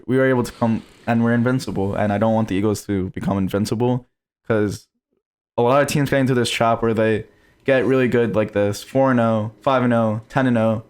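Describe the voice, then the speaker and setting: A young man co-hosting a podcast, talking fast and animated in casual sports chat, with a slight case of hiccups. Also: lowish voice, smooth. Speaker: podcast co-host.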